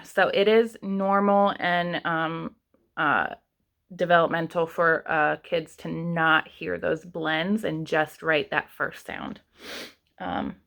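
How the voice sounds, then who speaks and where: A young adult woman teaching an online kindergarten writing lesson, sounding out words slowly and patiently for young children. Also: low-pitched, creaky, fairly bright tone. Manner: slow, sounding out words step by step.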